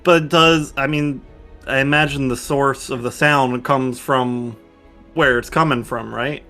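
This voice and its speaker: A man's voice: medium pitch, steady tone, a little slow, sharp tone. A man narrating as game master of a tabletop game, talking loosely with hesitations. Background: faint background music.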